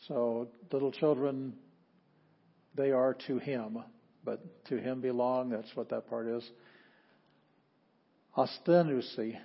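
A man teaching an informal Greek class, patient and halting, often pausing with ums and sounding out words slowly. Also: medium pitch, lo-fi sound.

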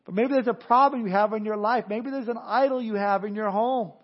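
A man preaching a sermon as pastor, animated, acting out crowd voices and dropping to hushed, earnest tones. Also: high voice, fairly quick, muffled recording.

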